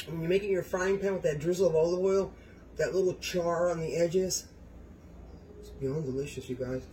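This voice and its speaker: His voice is a little high with a dark tone, and the rough recording carries a faint room hum. This home cook vlogger, effusive and slightly raised in volume, runs a casual kitchen demo, talking to viewers, exclaiming often and gushing over every dish.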